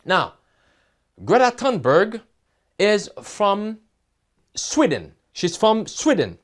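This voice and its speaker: Emphatic man preaching with lively pitch. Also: slow pace. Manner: emphatic, asks the audience questions. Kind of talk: sermon reading news and prophecy.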